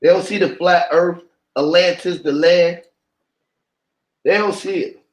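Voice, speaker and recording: A man with a high, light voice talks in a freestyle monologue. He drifts from word to word and chants repeated sounds in a loose stream of wordplay. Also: fairly even intonation, a little slow. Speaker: vlogger.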